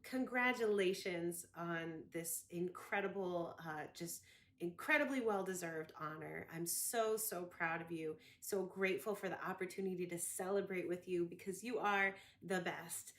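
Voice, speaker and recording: Tearful woman giving a heartfelt tribute. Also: lowish voice. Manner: warm, affectionate, halting. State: emotional, close to tears.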